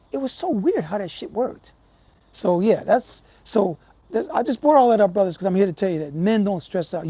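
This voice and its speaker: A man's voice: sits high, gravelly, warm tone. A middle-aged man talking casually and profanely to his viewers, rambling and calling them brothers. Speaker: livestream host. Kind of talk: casual livestream talk. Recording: slightly dull, faint background hiss.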